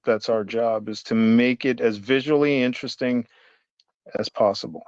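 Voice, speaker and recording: A man appearing as a guest artist over a video call, speaking in a hesitant, halting, self-effacing way. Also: mid-range voice, steady tone, darkish tone, smooth, dry recording, dull audio. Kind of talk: casual chat.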